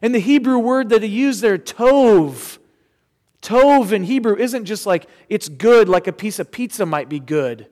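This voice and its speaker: A man's voice: sits high, expressive, a little slow, a little mellow, big-room sound. A man preaching a sermon as pastor, earnest and conversational with casual asides, in a church sanctuary.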